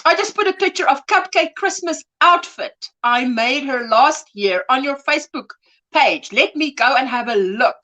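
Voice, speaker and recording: A woman with a high, bright voice co-hosts a relaxed crochet livestream. She reads viewer messages aloud affectionately and laughs often. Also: moderate pace, poor audio. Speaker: livestream co-host. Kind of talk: casual crochet livestream chat.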